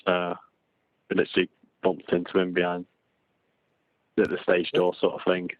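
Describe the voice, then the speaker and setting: This podcast co-host from England speaks in a low monotone at a moderate pace, rambling through a casual live-stream chat with repeated words and frequent restarts. His audio sounds dry and thin, almost phone-like.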